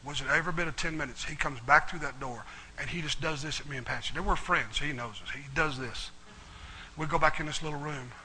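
Animated folksy preacher man. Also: on the high side, fast talker, low-quality recording. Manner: folksy, animated storytelling with Southern turns of phrase. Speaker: pastor. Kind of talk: sermon with storytelling.

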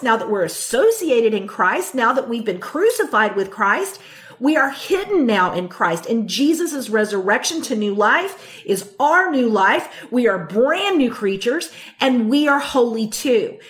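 Woman, podcast sermon teacher, higher-pitched voice, emphatic repetitive delivery with scripture readings. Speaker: Bible teacher.

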